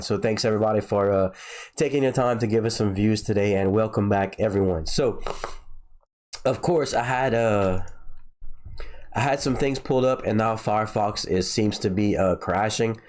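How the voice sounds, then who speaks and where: A man's voice: on the low side, moderate pace, darkish tone. Rambling man with a stuffy head cold. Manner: rambling, many filler words and restarts. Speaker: crypto channel host. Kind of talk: casual solo video talk.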